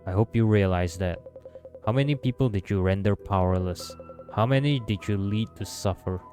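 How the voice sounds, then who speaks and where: A scornful, godlike creator villain, read out by a man as he plays a story game. He talks down with cold mockery in a lowish voice. Soft game music plays faintly behind. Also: normal speed, natural voice. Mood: stern. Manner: mocking, condescending.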